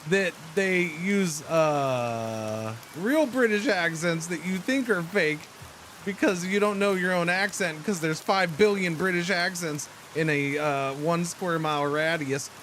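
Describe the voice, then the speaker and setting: Animated, joking streamer man. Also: on the high side, a little slow, slight background noise. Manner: animated, joking, talks to chat. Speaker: game streamer. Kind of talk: casual live-stream commentary.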